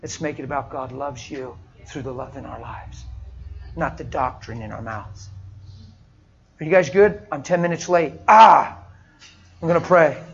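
High-pitched guy preaching, storytelling, goes quiet then loud and laughing, kinda muffled audio. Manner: animated, swings from hushed to loud laughing shouts. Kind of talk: sermon with storytelling.

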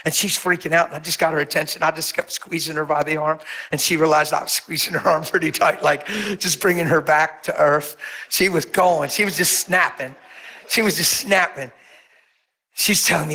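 A man preaching as a pastor, telling stories with lively acted-out voices and sudden drops to a near whisper. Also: moderate pace. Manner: animated storytelling, acts out voices with big pitch jumps. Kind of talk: sermon.

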